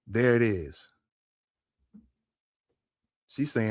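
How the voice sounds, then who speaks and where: A man's voice: mid-range voice, measured pace. A man in a middle voice hosts a commentary podcast, talking straight to his listeners. He is emphatic and circles back to the same points. The sound is dry and close, with no room echo. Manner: emphatic, repeats points, addresses listeners directly. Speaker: podcast host. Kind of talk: commentary on a played clip.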